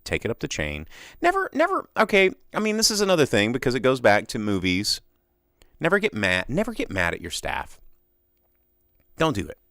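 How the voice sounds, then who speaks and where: Gravelly young male host, lively swooping pitch, dry close sound, riffs off chat. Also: moderate pace, no echo. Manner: animated storyteller who acts out voices, many restarts. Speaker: podcast host. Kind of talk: casual live solo podcast rant.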